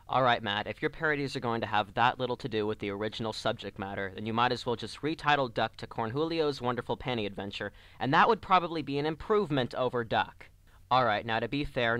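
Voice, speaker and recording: A man's voice: on the low side, background noise. A man delivering a scripted comedic review rant as an online reviewer, sarcastic and exasperated.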